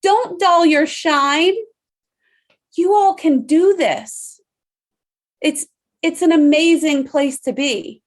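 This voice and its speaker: A woman in her thirties giving an emphatic motivational leadership talk to an online audience, with dramatic pauses. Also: high-pitched. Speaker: leadership speaker.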